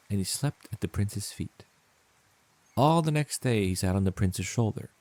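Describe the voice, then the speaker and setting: Calm male audiobook narrator; low, mellow, husky. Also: dry recording.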